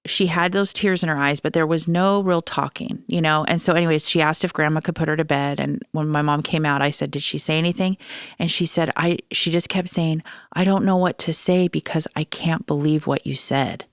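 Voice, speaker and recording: A woman's voice: low-pitched, steady tone, brisk, clear, resonant tone, no echo, clean studio sound. A middle-aged woman hosting a solo podcast, talking candidly in a rambling way with frequent restarts. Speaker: podcast host. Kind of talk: casual solo podcast talk.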